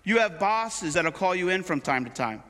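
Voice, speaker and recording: A middle-aged pastor gives a sermon in a warm, chatty way, leaning on everyday examples from family and sport. His voice is bright and forward and sits a little high. A long reverb from the church sanctuary trails every phrase. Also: animated, moderate pace. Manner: conversational preaching with everyday examples.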